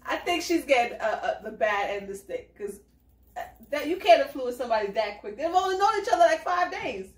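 A woman with a high voice, chatting with animated energy and acting out what people said on the show. She sits a little away from the mic, and the room rings with echo. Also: a little fast, far from the mic. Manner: animated, laughs often, acts out quotes. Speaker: co-host of a reality show review. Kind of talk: casual chat.

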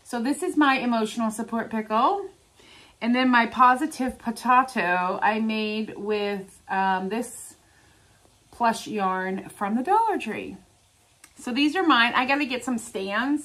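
Slow-talking chatty woman vlogger. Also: on the high side, fairly bright tone. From Ohio, US. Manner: chatty, giggly, exclaiming over crafts. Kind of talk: casual chat to camera.

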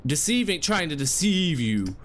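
A man's voice: sing-song, normal speed, a bit bright, a little hiss or hum. Jittery man talking himself through a game. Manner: anxious self-talk, scolding and coaching himself through jumps; voice jumps up high under stress, with grunts. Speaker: gameplay commentator. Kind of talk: let's-play commentary.

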